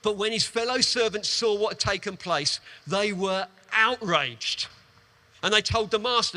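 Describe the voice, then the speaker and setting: A man preaching a sermon, retelling a parable with animated, emphatic storytelling and quick repetitions. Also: sits high.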